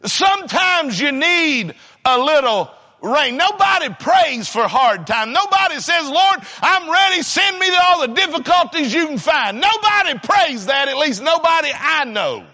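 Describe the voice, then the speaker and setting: A man preaches a sermon in a high, bright voice. He moves deliberately, then surges into shouts before dropping to hushed, almost whispered passages. A long reverb hangs around him, as in a large hall. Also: very animated. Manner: dramatic, swinging between shouting and hushed near-whispers.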